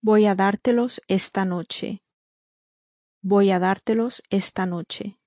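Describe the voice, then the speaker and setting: A woman saying model phrases for a language course, each said twice in a measured way. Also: medium pitch, fairly even intonation, dark tone, no room sound, studio quality. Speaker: native-speaker voice for language drills. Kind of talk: slow model pronunciation in drills.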